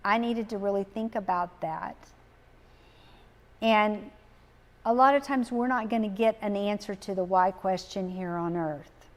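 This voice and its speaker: A middle-aged woman, giving a gentle, reflective talk on grief, pausing often and repeating key phrases. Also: mid-range voice. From Texas. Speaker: speaker on grief. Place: live talk in a community setting.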